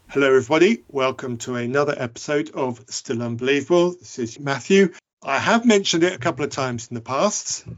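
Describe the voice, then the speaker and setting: A man's voice: mid-range voice, brisk, faint music behind. Playful male podcast host. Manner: playful, jokey, enthusiastic. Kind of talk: podcast interview.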